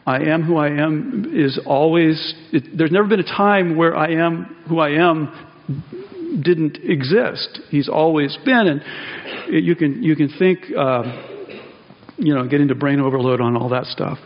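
A man preaching a sermon to a congregation in a relaxed, conversational way, often restarting phrases and rising sharply for emphasis. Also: on the high side, a little slow. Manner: conversational, self-interrupting, rises emphatically on key points. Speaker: pastor. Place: church sanctuary. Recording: dull audio with long hall reverb.

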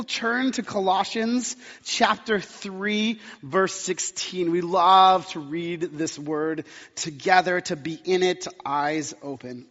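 A young male pastor delivers a sermon in a casual, conversational way, trading in self-deprecating humor and stories. His voice sits high for a man. The sound is muffled and lo-fi, with long reverb from a large church hall. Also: a bit bright.

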